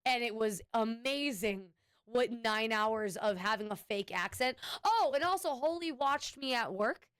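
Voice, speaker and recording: A woman's voice: fairly high pitch, animated, a little slow, fairly bright tone, smooth, no room sound, studio quality. A woman streamer chatting casually with her viewers, rambling and restarting her sentences. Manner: rambling, with frequent restarts and "anyway"; chatty, thanking subscribers.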